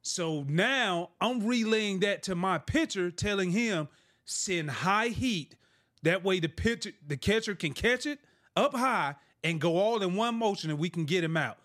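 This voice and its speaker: Middle-aged male co-host, high voice, builds his case and keeps pushing with questions. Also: expressive, measured pace, fairly bright tone. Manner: challenging, lays out hypotheticals, presses with questions. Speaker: podcast co-host. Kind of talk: heated sports debate.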